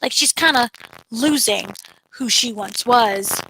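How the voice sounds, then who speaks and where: A woman co-hosting a casual spoiler recap, retelling scenes in an animated way with playful voices. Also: fairly high pitch, takes it slowly, background noise. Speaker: entertainment editor, co-host.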